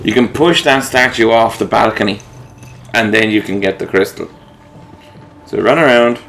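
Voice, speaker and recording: Man, low-ish voice, sarcastic let's-play commentary, laughs a lot, faint noise. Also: normal speed, creaky, fairly bright tone. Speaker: co-host of a game playthrough.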